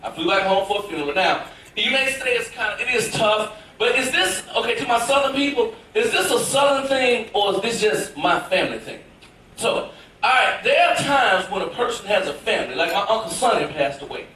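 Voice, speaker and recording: High-voiced comedian in an echoey theater. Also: male voice, fairly quick, far from the mic, slight background noise. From Tennessee. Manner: animated, emphatic storytelling with shouted punchlines. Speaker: stand-up comedian. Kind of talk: stand-up storytelling. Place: cruise ship theater with audience. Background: audience laughter.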